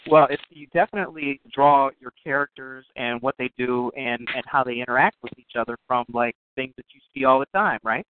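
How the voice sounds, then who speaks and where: A man's voice: medium pitch, a little hiss or hum. A man hosting a radio interview, speaking casually and repeating words as he frames his questions. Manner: halting, repeats words while framing questions. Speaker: radio show host. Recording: tinny phone line, dry.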